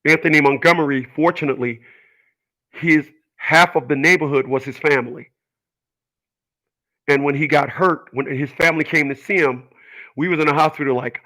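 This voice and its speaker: A man's voice: a little high, moderate pace, pushed and bright, rough recording. A middle-aged man hosting his channel, speaking earnestly and emphatically in a personal monologue to his viewers. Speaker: channel host.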